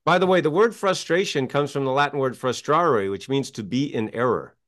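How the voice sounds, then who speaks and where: A man's voice: medium pitch, fairly quick. A man, a success coach and author, talking as a guest in an interview, telling stories emphatically and acting out quotes. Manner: emphatic, animated storytelling with acted-out quotes.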